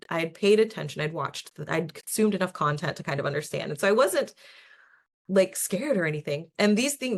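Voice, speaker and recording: A woman's voice: deep voice, creaky. A young adult woman hosting a podcast, telling her personal stories in a chatty, earnest way, often laughing and restarting her sentences. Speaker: podcast host. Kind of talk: casual personal storytelling.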